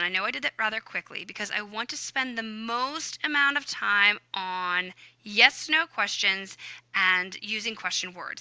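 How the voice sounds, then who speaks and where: Teacher voice-over: young woman, upbeat and chatty, crisp dry sound. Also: fairly high pitch, bright, forceful tone, dry recording. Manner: chatty, upbeat, many "okay"s and "um"s. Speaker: Spanish teacher. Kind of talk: recorded grammar lesson. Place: voice-over for lesson slides.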